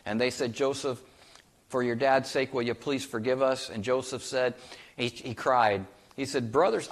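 A man's voice: on the high side, a bit bright. A man preaching a sermon. He speaks emphatically, asks his listeners many rhetorical questions, and quotes scripture in old-fashioned wording. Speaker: pastor.

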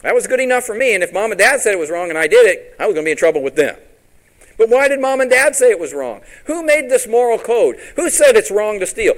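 A middle-aged man preaching a sermon as pastor, lively and throwing rhetorical questions at his congregation. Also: high-pitched, fast talker, poor audio.

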